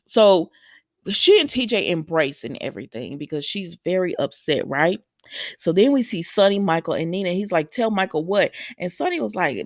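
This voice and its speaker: A woman's voice: fairly low pitch, animated, moderate pace, dry recording, clean studio sound. A woman casually recapping soap opera episodes for viewers, retelling scenes with quoted lines and adding opinionated asides. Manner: opinionated asides scolding characters.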